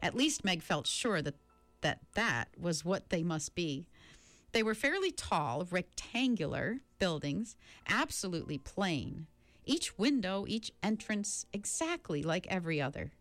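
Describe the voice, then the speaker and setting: A woman narrating a children's novel in an expressive reading voice. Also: a little slow, no room sound, faint music behind. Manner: expressive reading with a lively pitch. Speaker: audiobook narrator. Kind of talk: storybook narration.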